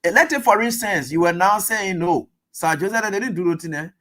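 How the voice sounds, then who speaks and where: A man hosting a call-in talk show, questioning a caller in a measured way. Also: high-pitched, animated, pushed and bright. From Liberia. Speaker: radio talk show host.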